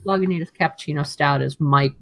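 A woman co-hosting a podcast in casual chat, talkative and quick to laugh. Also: low-pitched, creaky, fairly bright tone. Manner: chatty and laughing, with fast asides. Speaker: podcast co-host.

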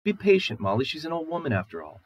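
A man reading aloud and voicing a young husband who hushes and placates his upset wife. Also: a little high, very animated, quick pace, slightly rough, no room sound, pitched above the performer's own voice. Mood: placating. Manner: hushing, placating.

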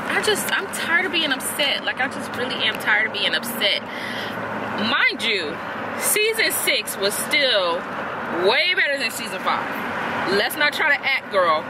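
A young woman vlogger with a high voice delivers a casual, ranting review of a TV episode, blunt, profane and animated. She's talking from a car, with loud traffic noise audible behind her.

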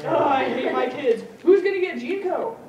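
A woman's voice: sits high, lively intonation, normal speed, highs cut off, noisy background. A woman doing a melodramatic dying old tycoon. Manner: melodramatic, mocking. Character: dying, bitter old rich man. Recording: echoey room, far mic, crowd chatter.

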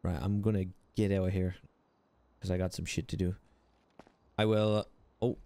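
A man's voice: low voice, little pitch movement, moderate pace, mellow, clear, resonant tone, dry recording. A man playing a character in a game roleplay, casual and slangy. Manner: casual slangy, laid-back. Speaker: roleplay player.

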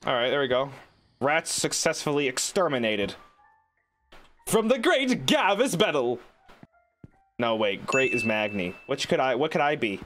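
A man's voice: mid-range voice, moderate pace, fairly bright tone, faint music behind. A man streaming a game, rambling, joking and swearing in casual commentary. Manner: rambling, swearing, jokey outbursts.

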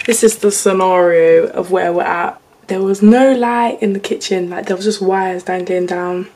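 A woman's voice: medium pitch, moderate pace, warm tone, slight background noise. A young woman, a university student chatting casually and bluntly to camera in her new room. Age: young adult.

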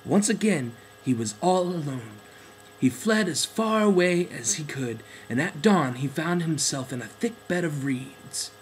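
A man narrating a children's storybook in a gentle, expressive way. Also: fairly high pitch, measured pace, a little hiss or hum, poor audio.

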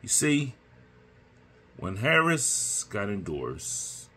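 A man hosting his own podcast, giving slow, emphatic political commentary and repeating his points. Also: fairly low pitch, very animated, pushed and bright, husky. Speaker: podcast host.

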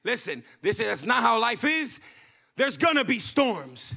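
High, gravelly-voiced preaching pastor. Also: male voice, sing-song, measured pace. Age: young adult. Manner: preaches with rising shouts and sudden hushed drops. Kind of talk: sermon.

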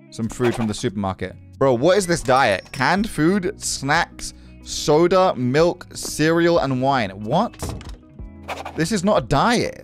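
A man giving casual, sarcastic, joking commentary on a horror game. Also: medium pitch. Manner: animated, joking, swears, sarcastic. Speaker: gaming creator.

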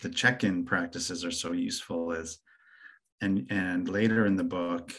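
A man hosting an interview, speaking thoughtfully and affirmingly, often pausing and restarting. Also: deep voice, fairly even intonation, a bit bright, low-quality recording. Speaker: interview host. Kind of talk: conversational interview.

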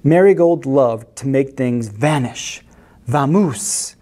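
Lively, unhurried children's story reader. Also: mid-range voice. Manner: animated, asks listeners questions and explains words. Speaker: library storyteller. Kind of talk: reading picture books aloud to children.

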